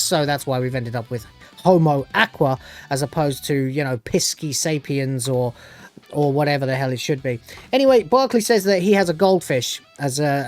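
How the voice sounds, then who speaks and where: Rambling sarcastic man reviewing. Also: a little high. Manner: rambling, sarcastic, swears, many filler restarts. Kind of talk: casual spoken review.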